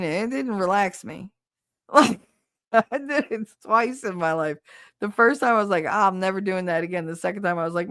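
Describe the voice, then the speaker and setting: A woman's voice: medium pitch, a bit bright, no room sound, clean studio sound. A woman with a son, hosting a stream and chatting casually and bluntly, swearing often and laughing a lot, on a desk mic on an arm. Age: adult with a son. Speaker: streamer and podcast host. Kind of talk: casual chat with live chat. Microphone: desk mic on a standing arm.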